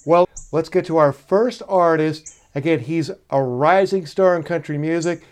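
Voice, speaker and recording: Smooth-voiced man co-host, earnest. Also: fairly high pitch, moderate pace, a little mellow. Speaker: podcast co-host. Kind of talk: podcast chat.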